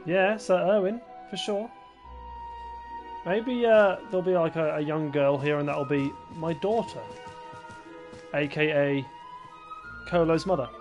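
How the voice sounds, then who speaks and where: A man's voice: a little high, a little slow, pauses often. A man joking his way through a game as let's play host, reading the dialogue aloud, over game music. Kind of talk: gameplay commentary.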